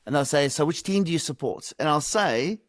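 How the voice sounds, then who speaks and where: A man's voice: fairly high pitch, lively intonation, brisk, no room sound, studio quality. A middle-aged man, a podcast guest answering reflectively with light humor over a video call. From South Africa. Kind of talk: conversational interview answers.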